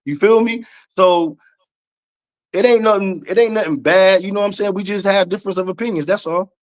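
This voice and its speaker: A man's voice: high-pitched, fairly quick. A man co-hosting a casual podcast debate, talking emphatically and repeating his points with slang. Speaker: podcast co-host.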